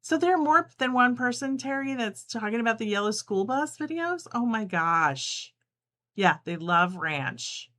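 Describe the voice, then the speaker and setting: A middle-aged New Jersey woman hosts a casual live sew-along, chatting, laughing often and reading viewers' comments as she sews. Her fairly high voice swings widely in pitch, with an unhurried pace and a sharp tone.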